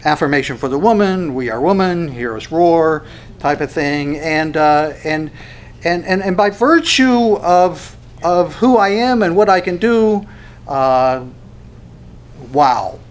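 A man preaching a sermon, animated, acting out quoted dialogue with frequent restarts. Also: on the high side, takes it slowly. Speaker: pastor.

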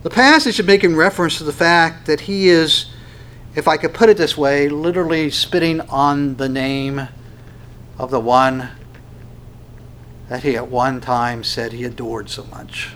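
A man preaching a sermon, swinging from loud, emphatic stresses down to hushed, quiet lines. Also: on the high side, fairly even intonation, a little slow, a little hiss or hum.

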